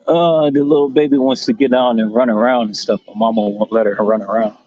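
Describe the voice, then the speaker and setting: A man's voice: medium pitch, a little mellow, dry recording. Chatty man livestreaming from a phone. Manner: rambling, chatty, talks to passersby and a toddler. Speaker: livestream host. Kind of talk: casual live-stream chat. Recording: lo-fi phone audio.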